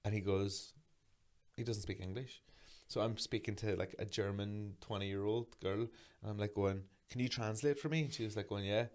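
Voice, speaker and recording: A man in his thirties spins a sweary, lively anecdote in relaxed podcast chat. His voice sits a little low. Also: moderate pace. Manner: sweary, animated anecdote-telling. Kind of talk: casual storytelling chat.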